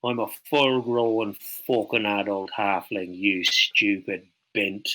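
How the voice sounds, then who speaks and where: Brash sweary guy playing his character, bright punchy voice. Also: fairly low pitch, little pitch movement, slow pace, rough recording. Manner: brash, profane and combative. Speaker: player. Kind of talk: playing a character in a tabletop game.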